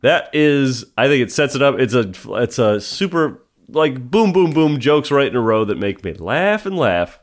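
Man, comedy podcast host, jokey, casual, mid-pitched voice. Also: big pitch swings, moderate pace, hardly any pauses. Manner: jokey, steers the talk, breaks into silly voices.

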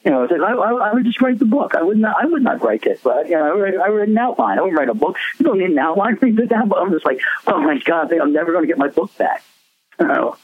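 A man's voice: high voice, big pitch swings, fast, breathy edge, no echo. A man, a musician guest, telling rambling stories in a casual interview, laughing often. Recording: tinny phone line, dry.

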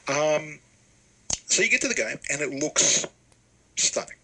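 Guy, podcast panelist, gravelly and bright-toned, rambling explainer. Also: on the high side, animated, a little slow, a little hiss or hum, rough recording. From Australia. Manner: explains at length, many fillers. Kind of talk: casual podcast chat.

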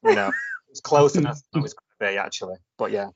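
A man's voice: medium pitch, very animated, fast, dull audio, slight background noise. A man appearing as a podcast guest in casual banter, with a dry, understated manner.

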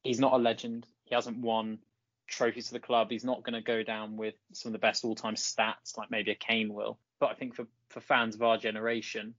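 A man's voice: on the low side, level tone, a little fast, a bit bright, no echo, dull audio. A man co-hosting a football podcast, talking casually with lots of fillers and restarts. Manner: chatty, many fillers and restarts. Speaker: podcast co-host.

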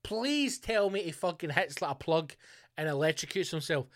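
A man delivers a crude, sweary comic monologue as a podcast host. His voice sits slightly high for a man, and the sound is dry and close with no room around it. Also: animated, normal speed, no echo. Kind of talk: casual comedic monologue.

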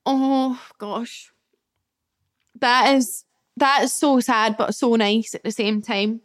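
A young woman with a slightly high voice hosts a solo podcast from home. She talks in a candid, chatty way, swearing now and then as she reacts to comments from her listeners. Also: steady tone, slow, pauses often. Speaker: podcast host. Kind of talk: casual solo podcast chat. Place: her flat, indoors.

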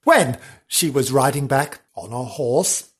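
A podcast host spins local history into comic storytelling. The delivery is theatrical, full of gasps and repeated words. The voice swoops through a lively range and is a little husky. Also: mid-range voice, slow.

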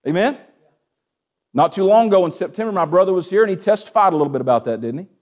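A high-voiced man preaches to his congregation. He keeps asking "amen?" and swings between quiet, intimate lines and raised, urgent ones. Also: expressive, fast. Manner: Southern-tinged preaching with call-and-response "amen?", swings from hushed to raised. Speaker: pastor. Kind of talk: sermon.

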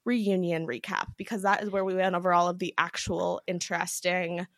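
A woman's voice: lowish voice, no echo. Chatty young woman podcaster, dry close mic. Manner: chatty, animated, quick asides. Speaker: podcast co-host. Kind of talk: casual chat. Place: home.

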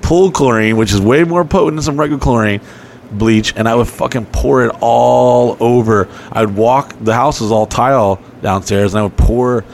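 In a casual podcast chat, a man spins lengthy, swear-filled stories and laughs along the way, rambling as he talks. His mid-range voice is creaky, his pace moderate, and a slight hiss or hum sits underneath.

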